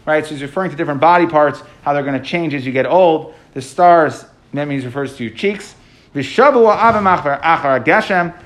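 A man's voice: a little high, a bit bright. A man teaching a Talmud class, translating the text line by line and explaining it with frequent fillers.

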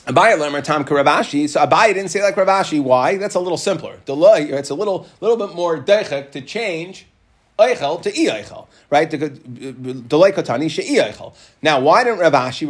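A man teaching a lively Talmud class, explaining the text and acting out what people say. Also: a little high. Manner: animated, acts out quoted speakers.

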